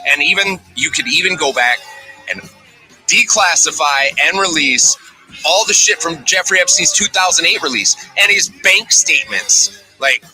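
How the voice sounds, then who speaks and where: A man's voice: on the high side, lively intonation, normal speed, bright, forceful tone, soft background music, rough recording. A man ranting about politics with constant swearing, often mocking others in quoted voices. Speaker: commentator in a played clip. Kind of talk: profane rant to camera.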